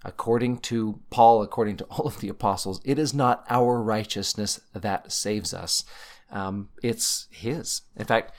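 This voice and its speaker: A man's voice: fairly low pitch, a little slow. A man hosting a scripture study podcast, talking in an emphatic, teacherly way and stressing key words. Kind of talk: conversational scripture discussion.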